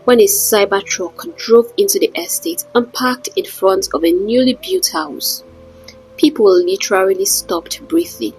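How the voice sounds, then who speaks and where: A woman narrating a folktale in a dramatic, measured way with wry asides. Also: medium pitch, rough recording. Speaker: storyteller. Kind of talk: scripted story narration.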